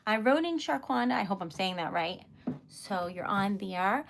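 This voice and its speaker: A woman livestream host and poet chatting casually and giggling often, with scattered, unhurried talk. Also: medium pitch, lively intonation, creaky. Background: typewriter clacking.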